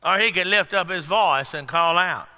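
A male pastor preaching a sermon to a congregation, calling out questions and breaking into sudden shouts. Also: high voice, normal speed. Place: church hall. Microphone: microphone. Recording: echoey hall.

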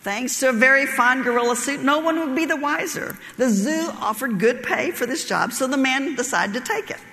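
Brief: woman preacher, high and bright, folksy storyteller, long hall reverb. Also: normal speed. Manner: folksy storytelling, laughs at her own jokes. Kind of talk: sermon with a joke story.

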